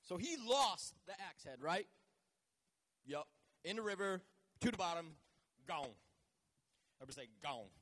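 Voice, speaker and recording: A man's voice: sits high, animated, brisk, long pauses, a bit bright. A male pastor preaching a sermon, joking and teasing himself and asking the church to answer back. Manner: jokey, self-teasing, calls for responses.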